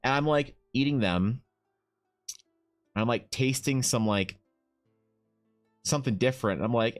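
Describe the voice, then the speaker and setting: A man's voice: mid-range voice, unhurried, long pauses, faint music behind. A man chatting casually on a livestream, rambling with lots of fillers and casual swearing, reading chat and talking to his dog. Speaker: art streamer.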